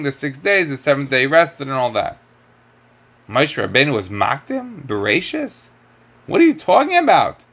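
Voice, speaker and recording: Middle-aged guy teaching a torah class, lively, keeps asking rhetorical questions. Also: mid-range voice. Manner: animated, rhetorical questions, mixes Hebrew terms. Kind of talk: classroom lecture on commentary.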